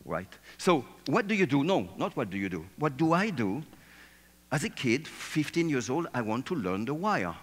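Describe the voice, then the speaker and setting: Man, theatrical storyteller on stage, mid-pitched voice, long hall reverb on the recording. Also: moderate pace. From France. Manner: animated, playful, acts out scenes and voices. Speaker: speaker giving a talk. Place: stage, seated at a table.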